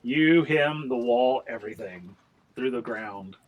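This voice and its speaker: A man's voice: mid-range voice, animated, unhurried, dry recording, far from the mic, narrow, tinny audio. A man narrating a tabletop game as game master, chatty and breaking into laughter often.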